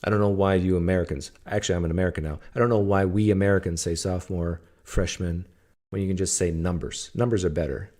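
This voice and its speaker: A man's voice: low voice, fairly even intonation, quick pace, dark tone. A man from Canada hosting a casual livestream, telling stories in a joking, teasing way. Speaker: host.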